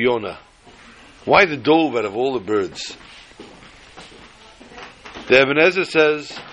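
A man giving a sermon as a rabbi, telling it as a lively story and mixing in Hebrew and Yiddish terms. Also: mid-range voice, a little hiss or hum, rough recording. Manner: animated storyteller who acts out joke characters.

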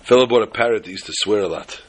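A man teaching an informal Torah class, telling jokes and stories with lively jumps in pitch for emphasis. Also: fast talker. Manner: animated storyteller who jumps to high pitch for emphasis.

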